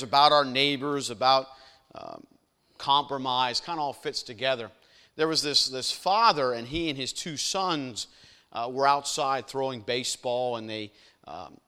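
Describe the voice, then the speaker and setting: A man's voice: medium pitch, bright, forceful tone, clean tone, big-room sound. A man preaching an evening sermon, telling stories in a folksy, conversational way with many fillers and emphatic questions. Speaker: pastor.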